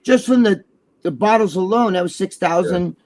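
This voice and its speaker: A man with a high speaking voice cohosts a loose, casual talk show. He swears constantly, restarts his sentences and tells his stories with excitable energy. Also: normal speed. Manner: profane, excitable storytelling with many restarts. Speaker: co-host. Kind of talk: casual chat.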